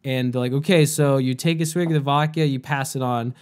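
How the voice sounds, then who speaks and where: A man's voice: mid-range voice, fairly even intonation, brisk, darkish tone, clean tone. A young man and podcast host telling a story in casual chat, rambling and profane, with lots of "like".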